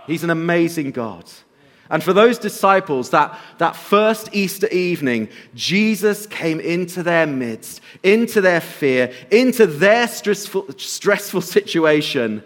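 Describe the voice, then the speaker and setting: A man giving a sermon and telling a personal story, slowing to soft emphasis at times and lifting his voice at others. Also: a little high, lively intonation. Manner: storytelling, shifts between soft slow emphasis and raised bursts. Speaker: pastor.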